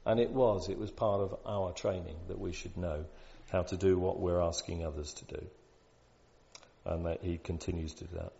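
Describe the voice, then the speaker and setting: A man preaching a sermon in a conversational way, building to loud, emphatic peaks. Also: low-pitched, steady tone, moderate pace, vocal fry. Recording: dull lo-fi sound.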